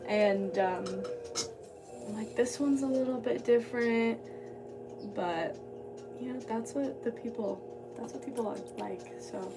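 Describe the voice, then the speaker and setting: A ceramic artist livestreams while she works, chatting casually and rambling as she thinks aloud. Her voice sits on the high side, with a measured pace, creakiness and long pauses. The distant mic picks up background noise and music.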